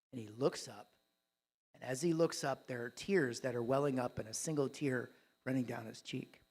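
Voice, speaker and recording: A man giving a keynote talk on a live conference stage, telling a story with dramatic swings between loud and hushed delivery. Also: medium pitch, moderate pace. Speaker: dentist and coach, keynote speaker.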